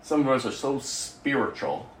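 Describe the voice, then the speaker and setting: A man preaching a sermon as pastor, emphatic, swinging from quiet asides to loud exhortation. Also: medium pitch, expressive, a little slow, reverberant, a little hiss or hum.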